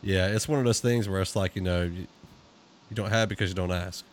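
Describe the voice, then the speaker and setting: A man hosting a casual interview, reflecting in a relaxed way and often restarting his sentences. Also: low-pitched, a little fast, a little hiss or hum. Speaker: interview host.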